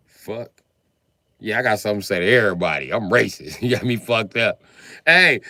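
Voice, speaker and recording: A man with a low, bright, forceful voice rants on a live stream, swinging his pitch widely as he talks. He swears often, gets animated and laughs between remarks. The sound is close and dry. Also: a little fast, no echo. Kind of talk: casual live-stream rant.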